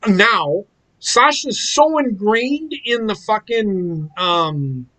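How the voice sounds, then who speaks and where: A man's voice: sits high, sharp tone, low-quality recording. A man co-hosting a casual live watch-along chat, ranting in a heated, profane way. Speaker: podcast co-host.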